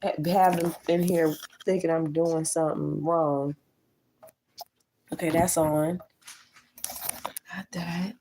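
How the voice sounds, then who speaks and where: A woman's voice: deep voice, level tone, slow, pauses often, mellow, slight background noise, rough recording. Chatty woman in her thirties doing chores. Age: 30s. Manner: chatty, candid, talks to viewers as y'all. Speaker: vlogger. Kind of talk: casual chat while doing chores. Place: at home in a small apartment kitchen.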